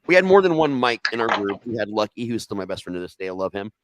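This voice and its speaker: Against a noisy background, a man from Ohio, USA, with a voice on the low side, talks at a quick pace. As a storytelling guest, he relays a casual anecdote profanely and animatedly, voicing the dialogue himself.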